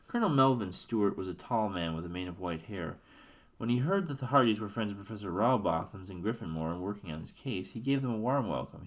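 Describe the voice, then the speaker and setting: A man reads a book aloud in a casual, easygoing way. His voice sits on the low side. He sometimes trips over a word and corrects himself as he goes. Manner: stumbles and self-corrects, offhand asides. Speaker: streamer reading a book aloud. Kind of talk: casual read-aloud narration.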